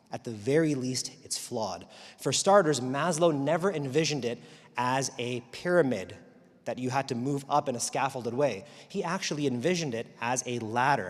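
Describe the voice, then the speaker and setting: Emphatic man speaking in a big hall. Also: mid-range voice. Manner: animated, wry, emphatic. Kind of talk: live talk to an audience. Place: large auditorium. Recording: long hall reverb.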